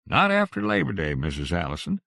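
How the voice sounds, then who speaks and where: A man voicing a suspicious male country grocer who talks loudly and firmly on the phone. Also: medium pitch, huge pitch swings, moderate pace, gravelly, no echo, clean studio sound, voice pushed up, exaggerated voice. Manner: suspicious, loud and firm on the phone.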